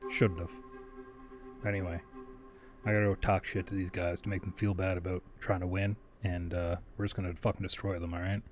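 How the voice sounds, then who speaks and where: A man chats and jokes crudely while playing a tabletop role-playing game. His voice is on the low side. Clear music runs behind him. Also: flat delivery, a little fast. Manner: crude, joking. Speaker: player. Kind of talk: casual tabletop play.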